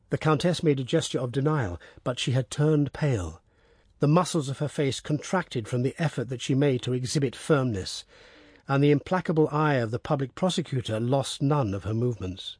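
A man narrating a classic story in a steady, even audiobook reading. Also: medium pitch, normal speed, breathy edge, no echo, studio quality.

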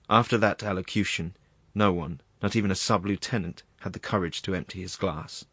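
A male narrator reads a classic tale in a measured, grave manner. His voice sits very low. The recording is dry and close. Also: fairly even intonation, sharp tone, breathy edge, dry recording. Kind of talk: scripted narration of a classic story.

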